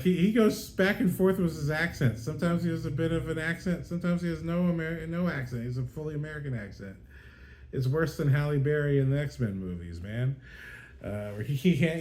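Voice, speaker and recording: A man's voice: on the high side, expressive, fairly quick, a little mellow. A man hosting a podcast and reviewing a film in a casual way. He sounds exasperated and rants with lots of fillers and restarts. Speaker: podcast host. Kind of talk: casual spoken movie review.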